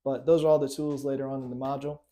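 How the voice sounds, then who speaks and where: A hypnotist and coach gives an instructional talk to camera in a conversational style, his mid-range voice warm but flat and racing. He repeatedly checks in with tag questions like "right?" and "okay?".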